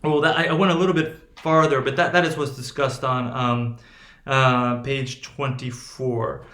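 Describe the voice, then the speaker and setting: A man's voice: medium pitch, fairly even intonation, unhurried, a bit bright, reverberant. A man lecturing on phonetics, who talks in a rambling way with many restarts and keeps checking in with "right?". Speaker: linguistics lecturer. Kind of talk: classroom lecture.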